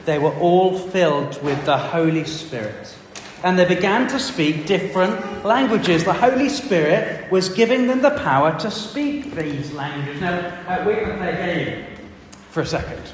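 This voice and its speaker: A man leads a church family talk, animated and quizzing the children as he reads from the Bible. His fairly high voice rings out in a big echoey hall with a long reverb tail. A faint hum of the room sits behind him. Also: normal speed. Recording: echoey hall, distant mic.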